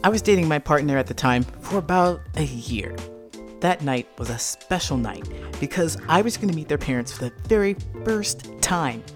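A man's voice: fairly high pitch, moderate pace, soft background music. A man giving a talk, weaving in a personal story and acting out a heated argument. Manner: animated, acts out heated arguments.

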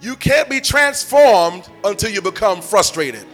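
A man preaching a sermon, repeating phrases and building to shouted points. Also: high-pitched, measured pace, soft background music. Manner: animated, repetitive, building to shouts.

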